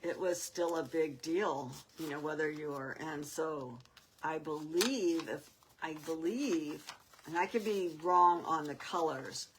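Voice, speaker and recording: An older woman hosting a crafting video, chatting casually and rambling as she works, with soft laughs. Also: low-pitched, unhurried, noisy background. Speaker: crafting channel host.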